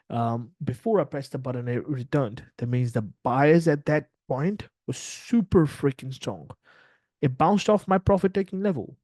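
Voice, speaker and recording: A man's voice: a little high, warm tone, dry recording. A man talking casually as a trading mentor on a livestream, blunt and profane, acting out little quoted exchanges.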